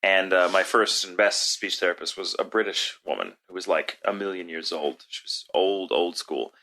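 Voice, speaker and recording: Male co-host, casual chat, lower pitch, bright tone, eloquent and animated. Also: moderate pace, rough recording. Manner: eloquent, animated, laughs often. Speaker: podcast co-host and voice actor.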